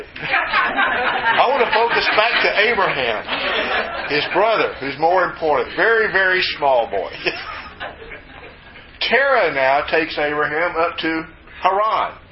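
A man preaching a sermon in a folksy, joking manner with lively emphasis and asides. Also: on the high side, a little slow, background noise. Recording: slightly dull lo-fi recording with faint ambience.

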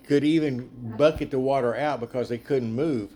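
A man leading a casual group Bible study, chatty and animated, laughing often as he retells the story. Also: medium pitch, normal speed.

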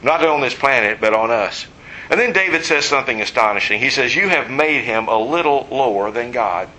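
A man's voice: mid-range voice, lively intonation, brisk, sharp tone, low-quality recording. A man preaching a conversational teaching sermon, explaining verses and adding joking asides.

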